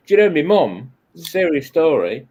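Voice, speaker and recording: A woman's voice: low voice, very animated, moderate pace, warm tone, breathy edge. Rambling woman telling anecdotes. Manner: rambling anecdotes with restarts and dry jokes. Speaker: live stream host. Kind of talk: casual chat.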